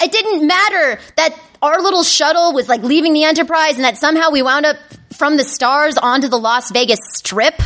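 A woman telling a funny personal story to an audience, animated and self-mocking, acting out her own panicky inner voices. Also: normal speed. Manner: acts out her inner voices with sudden high-pitched panic.

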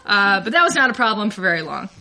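A woman's voice: medium pitch, big pitch swings, fast talker, pushed and bright. A young adult woman telling a candid, self-deprecating personal story, often laughing through her lines.

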